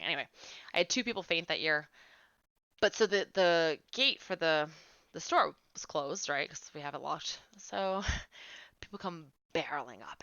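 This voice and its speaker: Chatty woman streamer, bright clear voice. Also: low-pitched, no echo, muffled recording. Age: 20s. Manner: chatty storyteller, fillers of "like". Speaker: game streamer. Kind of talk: casual chat while streaming a game.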